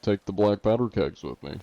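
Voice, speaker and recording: A man's voice: on the low side, lively intonation, moderate pace, warm tone. A man chatting casually on a live game stream, in a laid-back, joking way, reacting to chat, heard through dull lo-fi audio.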